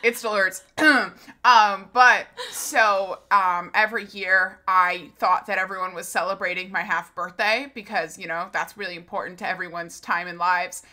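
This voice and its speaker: Bright young woman with a sore throat. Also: mid-range voice, steady tone, moderate pace. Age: 20s. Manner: playful, dramatic joking. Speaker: stream guest. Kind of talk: casual livestream chat.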